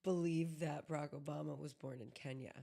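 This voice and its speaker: Low-voiced American woman, casual podcast. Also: a little fast, vocal fry. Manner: rambling, animated, joking. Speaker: podcast co-host. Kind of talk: casual chat.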